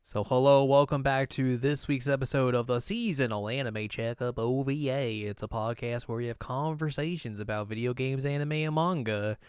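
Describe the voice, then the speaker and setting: A man hosting a relaxed podcast about games and anime, chatty and quick to laugh. His voice is smooth and resonant, recorded close and dry with no room sound. He tends to rush ahead when he gets excited. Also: medium pitch, no room sound. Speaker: podcast host. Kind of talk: casual podcast chat.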